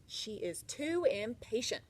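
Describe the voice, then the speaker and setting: Woman doing a gruff, grumbling old husband. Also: a little high, sing-song, slow, full character voice. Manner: gruff, loud outbursts. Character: grumpy impatient old husband, shouting at everyone.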